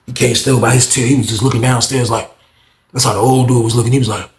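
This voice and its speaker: A man's voice: mid-range voice, steady tone, fast talker. A man casually telling a story in slangy, rambling speech. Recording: roomy echo.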